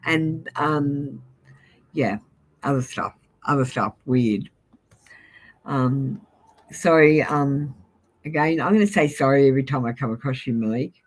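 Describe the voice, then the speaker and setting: A woman's voice: extremely low pitch, measured pace, long pauses, rough recording. A woman, giving live-stream tarot readings in an abrupt, sweary manner and often apologizing. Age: 40s. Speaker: tarot reader.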